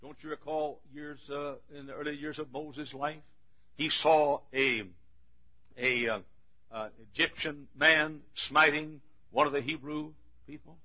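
Husky older preacher, folksy and booming. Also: male voice, fairly even intonation, measured pace. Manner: folksy storytelling, rising to shouting emphasis. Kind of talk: sermon. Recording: dull lo-fi recording.

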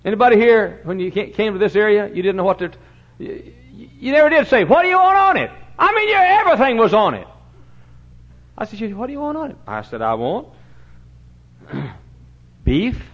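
An older man preaching a sermon in a church, telling stories and swinging from booming shouts to low, quiet asides. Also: big pitch swings, moderate pace, pauses often. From Texas. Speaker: pastor. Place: church sanctuary. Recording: dull lo-fi recording.

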